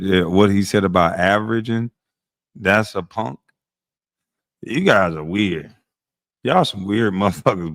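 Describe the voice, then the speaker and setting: With a voice on the low side, a former basketball player in his forties trash-talks over old game video, cursing, bragging, laughing a lot and calling people "boy." The recording is clean studio sound with no echo.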